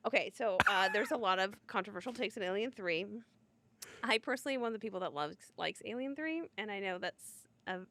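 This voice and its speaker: A woman's voice: medium pitch, animated, brisk, pushed and bright, dry recording. A woman guest on a casual podcast chat, talking in an enthusiastic, emphatic way. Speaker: podcast guest, wine bar owner.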